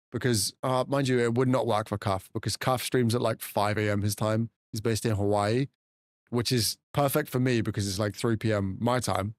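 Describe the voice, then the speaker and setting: A man's voice: mid-range voice, dry recording, clean studio sound. A man in casual, teasing chat with his live viewers as a game streamer, swearing freely.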